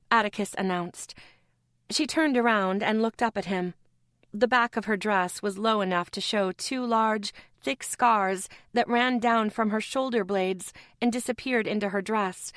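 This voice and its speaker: A woman narrating a paranormal audiobook in the first person, reading in a measured, steady way. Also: medium pitch, no echo, studio quality.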